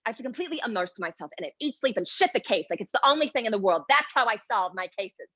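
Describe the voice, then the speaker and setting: A woman's voice: a little high, expressive, fast, sharp tone, husky, no room sound, lo-fi sound, full character voice. Woman doing a pushy Jersey searcher. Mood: brash, breezy. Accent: New Jersey. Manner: self-important, breezy, defensive. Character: brash pushy middle-aged woman adoption searcher. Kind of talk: solo stage monologue.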